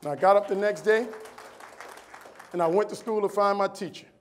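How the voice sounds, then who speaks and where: A man's voice: high voice, brisk, slight background noise. A man giving a motivational keynote speech on a conference stage, telling stories, repeating phrases for emphasis and acting out the people in them. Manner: dramatic, acts out the people in his stories. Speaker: motivational speaker. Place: conference stage before a live audience.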